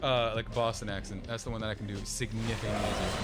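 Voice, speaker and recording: A man's voice: fairly low pitch, fairly even intonation, fast talker, few pauses, over loud music. A young man from Massachusetts streaming a video game, rambling and swearing, with frequent restarts and repeated phrases. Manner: rambling, profane, repeats himself. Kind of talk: live gameplay commentary.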